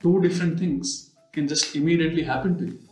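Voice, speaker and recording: A man's voice: on the high side, steady tone, fast talker, a little mellow. A man hosting his own show, explaining an idea through a personal story in a casual, conversational way with lots of "you know" asides. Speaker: podcast and video host. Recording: echoey room with faint music.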